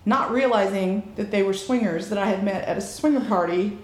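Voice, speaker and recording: A woman guest telling a frank story in a casual chat, animated and quick to laugh. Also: mid-range voice. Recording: echoey room, faint noise.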